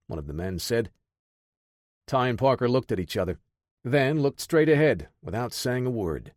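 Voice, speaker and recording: A man narrating an action audiobook in a steady, measured voice. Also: medium pitch, no echo, clean studio sound.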